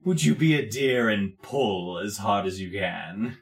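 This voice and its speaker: A man voicing a cruel, pompous male crime boss who speaks in a slow, weary, menacing drawl. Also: lowish voice, expressive, creaky, reverberant, pitched below the performer's own voice.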